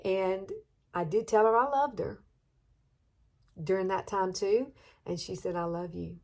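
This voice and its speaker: A woman's voice: medium pitch, measured pace. A woman in her fifties with an Alabama accent, chatting through a makeup routine in a beauty vlog, talking emotionally and sometimes close to tears. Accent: Southern US (Alabama). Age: 50s. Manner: chatty, warm-hearted, emotional. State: tearful at times. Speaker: beauty vlogger. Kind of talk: chatty get-ready-with-me vlog.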